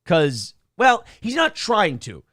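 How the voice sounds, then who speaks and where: A man's voice: high-pitched, takes it slowly, no echo, studio quality. A man hosting a morning show podcast, talking casually and mockingly about clips, with plenty of swearing. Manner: animated, profane, mocking. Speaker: podcast host.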